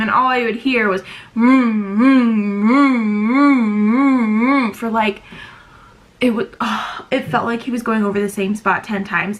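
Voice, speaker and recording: A woman's voice: a little high, pushed and bright. A young woman vlogging a candid pregnancy update, chatty and frank with many ums, sighing and feeling nauseous. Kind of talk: casual pregnancy update vlog.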